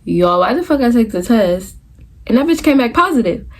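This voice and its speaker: A woman's voice: fairly high pitch, very animated, normal speed. A young woman in her twenties telling a casual storytime, candid and profane, talking straight to viewers in loose, rambling asides. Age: 20s. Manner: talks in loose run-on asides, restarts the story. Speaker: vlogger.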